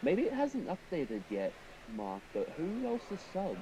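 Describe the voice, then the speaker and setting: A man's voice: sits high, huge pitch swings, unhurried, background noise. A man streaming a racing game, chatting casually and thinking aloud while he drives and answers his viewers.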